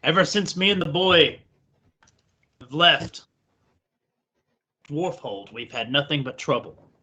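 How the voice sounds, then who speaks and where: A courtly, long-winded old wanderer bargains with goblins, as a man plays him. He speaks slowly and deliberately, and his voice has a bright, forceful edge. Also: on the high side, expressive, full character voice. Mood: weary.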